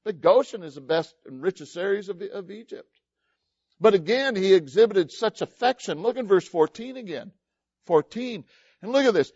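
A man preaching a sermon, folksy and animated, telling stories and quoting scripture. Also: high voice, moderate pace, slightly rough, dry recording, dull audio. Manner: animated, folksy storytelling with laughs and quoted voices. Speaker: pastor.

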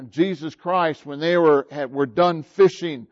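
A man preaching a sermon, retelling a story slowly and haltingly with many pauses and fillers. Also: fairly high pitch, lo-fi sound.

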